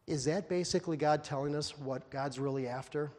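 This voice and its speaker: A man preaching in a somewhat high voice, his words trailing into a long hall reverb. He retells the story with lively energy, raising his voice when he acts out the characters. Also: brisk. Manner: animated storytelling, acting out the characters in raised voice. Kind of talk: sermon.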